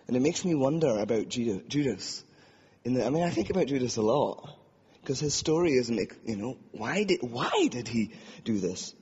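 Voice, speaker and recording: A husky man speaks earnestly from behind a podium and gives a reflective personal testimony. His words carry a long reverb across the hall. The recording sounds dull and lo-fi. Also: medium pitch, expressive, moderate pace, a little mellow. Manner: earnest and reflective, acts out inner voices. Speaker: preacher.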